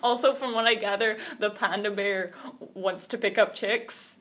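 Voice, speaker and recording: A woman's voice: mid-range voice, steady tone, moderate pace, fairly bright tone. A woman from Scotland with an American accent, rambling and giggling through stories as a podcast co-host. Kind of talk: casual chat.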